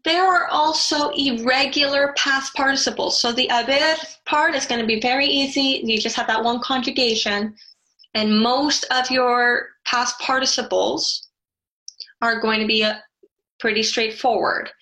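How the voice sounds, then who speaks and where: A woman's voice: high-pitched, fairly even intonation, measured pace, bright, forceful tone, poor audio. A woman teaching a Spanish grammar lesson, explaining carefully and spelling out letters.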